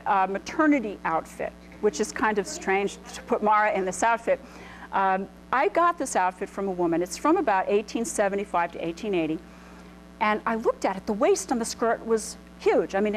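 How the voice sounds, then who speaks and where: A woman's voice: mid-range voice, a little hiss or hum, poor audio. Middle-aged woman giving a chatty lecture. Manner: chatty, many ums and restarts. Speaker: clothing history presenter. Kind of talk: informal illustrated lecture. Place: lecture room with live audience.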